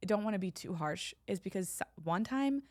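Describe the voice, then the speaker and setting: A woman's voice: medium pitch, lively intonation, normal speed, darkish tone, no echo, studio quality. Woman with a slight lisp, playful co-host. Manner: playful teasing, laughs often. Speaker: podcast co-host. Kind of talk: casual chat.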